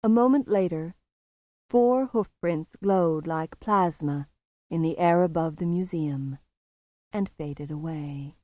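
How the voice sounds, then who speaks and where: A woman narrating an audiobook in a calm, measured way. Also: low voice, lo-fi sound.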